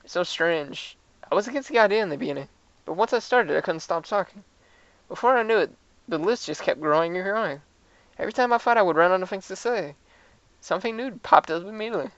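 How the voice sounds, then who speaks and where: A woman's voice: medium pitch, animated, fast talker, no echo. A woman reading a visual novel aloud for a let's-play, sometimes tripping over her lines and making fun of herself. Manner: self-mocking, stumbles over lines. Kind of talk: reading game dialogue aloud with commentary. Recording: dull lo-fi.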